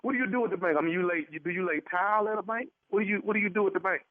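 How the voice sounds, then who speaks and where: A man's voice: high voice, rapid-fire, narrow, tinny audio. A man working as a radio show's prank caller, stammering and playing dumb on the line.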